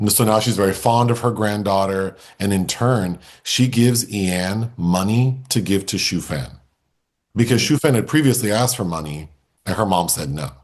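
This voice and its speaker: A man co-hosting a film review podcast, relaxed as he recounts a plot step by step in casual conversation. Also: lowish voice, moderate pace.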